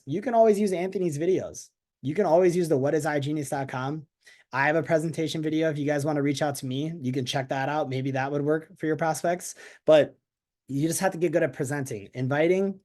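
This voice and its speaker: A man leading a network marketing team call on a video call, energetic and chatty, asking the audience questions. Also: on the high side. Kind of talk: motivational team call talk.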